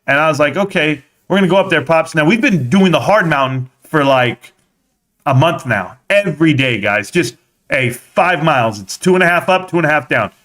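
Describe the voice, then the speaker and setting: A man's voice: fairly high pitch, animated, normal speed, a bit bright. A young man hosting a live stream, rambling loosely and swearing casually.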